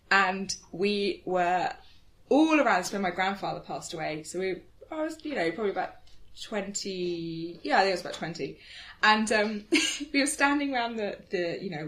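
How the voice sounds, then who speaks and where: A woman's voice: lowish voice, fairly bright tone. A young woman co-hosting a podcast, telling rambling stories and giggling. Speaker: podcast co-host. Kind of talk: casual chat.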